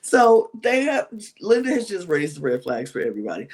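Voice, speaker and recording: A woman hosting a podcast, recapping a reality show in a chatty, animated way with many restarts. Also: fairly low pitch, fairly quick.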